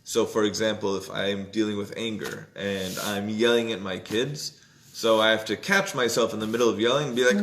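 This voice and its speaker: Man, low pitch, gravelly, casual teacher, conversational, text study class. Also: steady tone, moderate pace, a little hiss or hum. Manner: conversational, often asks "right?", acts out inner voices loudly. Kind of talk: informal text study lesson.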